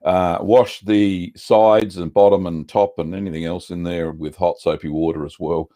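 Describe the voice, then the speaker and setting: A middle-aged Australian man hosting a casual livestream chat, relaxed and rambling with lots of ums and uhs. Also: sits low, moderate pace. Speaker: cheese-making livestream host.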